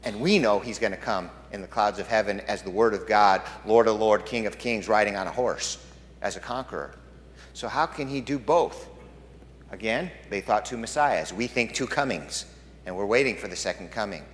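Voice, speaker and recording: A man preaching a sermon, rising to loud, booming proclamations and dropping to hushed, low emphasis. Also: lively intonation, normal speed. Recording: long hall reverb.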